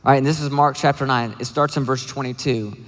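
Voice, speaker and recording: A male pastor delivers a sermon in a large church auditorium, and his voice rings out with a long hall reverb. He talks in an earnest, conversational way, tossing in quick asides and the odd filler, at an ordinary middle pitch. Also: steady tone.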